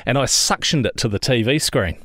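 A man with a New Zealand accent hosting a casual podcast chat, chatty and quick to laugh, calling his co-host mate. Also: mid-range voice, expressive, a bit bright, slightly rough, no room sound.

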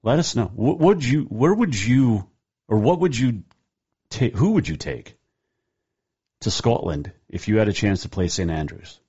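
A man's voice: on the low side, sing-song, measured pace, dark tone, husky. A man hosting his own radio show, talking casually in a rambling, folksy way and reading sponsor plugs. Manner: rambling, folksy, self-correcting. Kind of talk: casual radio talk with ad reads. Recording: dull lo-fi sound.

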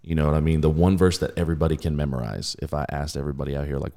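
A man hosting a podcast, casually teaching from the Bible in an animated way, laughing and mimicking voices. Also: rumbling low, rapid-fire, vocal fry.

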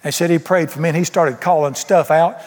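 A man's voice: fairly high pitch, steady tone, brisk, a little mellow. A man preaching a sermon, telling stories in an emphatic, folksy way. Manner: storytelling, emphatic, Southern folksy phrasing. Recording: long hall reverb.

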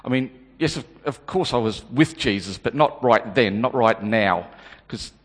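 A man's voice: mid-range voice, animated, normal speed, close to an everyday voice. A man performing a dramatic monologue as a remorseful male disciple, stammering and repeating his words. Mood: flustered. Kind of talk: dramatic first-person monologue. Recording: long hall reverb.

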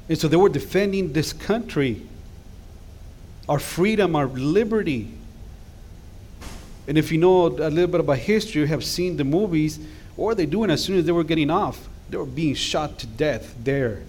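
A man's voice: fairly high pitch, lively intonation, normal speed, a little mellow, husky. A middle-aged man, a guest pastor preaching an impassioned sermon in a church that swells into emphatic calls to action. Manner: impassioned, rising to emphatic exhortations. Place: church sanctuary.

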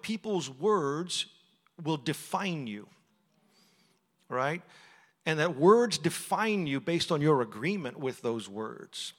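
A man's voice: on the high side, a bit bright. A middle-aged man from Texas, preaching as a guest speaker in a conversational, storytelling way and laughing often. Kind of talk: sermon. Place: church sanctuary. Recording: long hall reverb.

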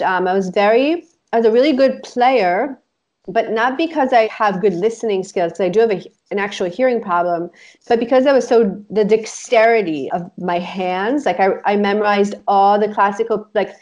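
A woman's voice: medium pitch, darkish tone. A woman from Israel, a life coach, chatting as a guest and rambling through memories with lots of fillers and laughter. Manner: rambling, giggly, many "like" fillers. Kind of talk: casual storytelling chat.

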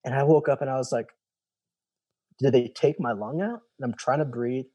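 Speaking at a normal speed in a warm, medium-pitched voice, a young adult guest tells his story in a loose, rambling way, recreating dialogue with "he's like." The sound is dry and lo-fi.

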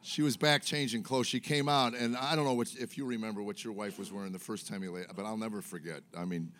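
A man's voice: on the low side, fairly even intonation, fast talker, a bit bright, a little hiss or hum. Middle-aged man, stand-up comic, rambling self-mocking stories, lots of ums and uhs, stage mic. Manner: rambling, self-mocking storytelling with many fillers. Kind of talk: stand-up comedy set. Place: comedy stage before a live audience.

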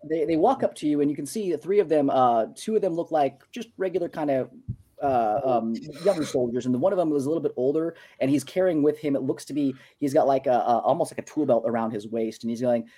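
A man's voice: medium pitch, fast talker, dark tone. A man narrating as game master of a tabletop game, rambling with fillers and restarts.

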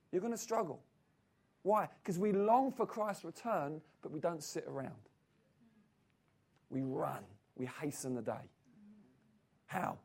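A pastor preaching a sermon to his church, building to loud, repeated emphatic phrases. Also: medium pitch, gravelly. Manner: preaching with rising emphatic bursts and repetition.

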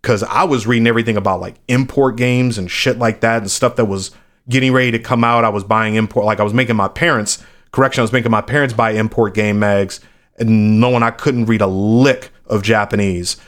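A man's voice: lowish voice, fairly even intonation, a little fast, a bit bright. A man, a battle rapper from the Chicago area, telling stories in a loose, casual interview and acting out quoted voices.

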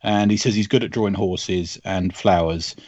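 A podcast host chats casually about comics, telling animated stories, laughing often, and acting out quoted lines. His voice is low and his pace moderate, though the recording is muffled with slight background noise.

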